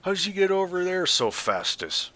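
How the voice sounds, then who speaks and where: A man's voice: high voice, sing-song, moderate pace, sharp tone, pitched above the performer's own voice, heavily acted. A man putting on a mumbling sing-song old crone. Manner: talks to herself, sing-song, hissing.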